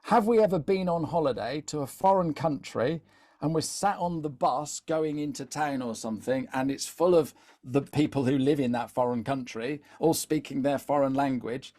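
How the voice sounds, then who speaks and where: A man's voice: fairly high pitch, a little mellow. A man giving a live online talk as a social media trainer, chatty, often repeating words and checking in with "yeah?". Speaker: LinkedIn content trainer.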